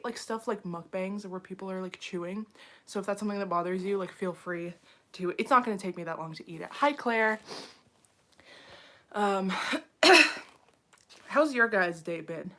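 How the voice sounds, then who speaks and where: A young woman livestreams casually from home, frazzled and full of fillers as she reads the chat and talks to viewers. Her voice is medium in pitch and a bit bright.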